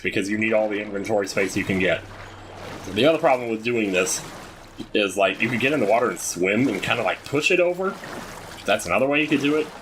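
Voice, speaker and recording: Low-voiced man chatting over gameplay. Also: background noise. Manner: chatty, jokey, talks to the game's characters. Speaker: gameplay commentator. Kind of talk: casual let's-play commentary.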